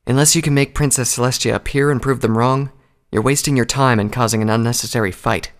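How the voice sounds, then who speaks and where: A man doing a calm, firm stallion soldier. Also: medium pitch, close to an everyday voice. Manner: firm and measured. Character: male pony soldier, calm, level-headed and firm. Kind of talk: audiobook character voice.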